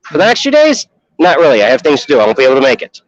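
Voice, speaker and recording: A man's voice: medium pitch, wildly swooping pitch, racing, no room sound. A man from Chicago streaming from an outdoor festival on his phone, rambling in casual, profane chat and laughing often. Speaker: live streamer. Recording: dull lo-fi phone audio.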